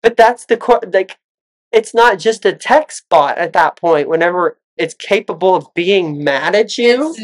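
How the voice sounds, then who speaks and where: A woman vlogger in casual chat, telling a story animatedly, her voice climbing as she gets excited. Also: fairly low pitch, measured pace.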